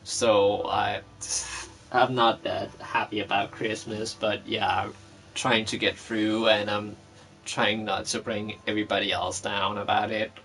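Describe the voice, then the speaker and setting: Man vlogger, low voice, unhurried, rambling casual story full of fillers and cursing. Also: flat delivery, fairly bright tone.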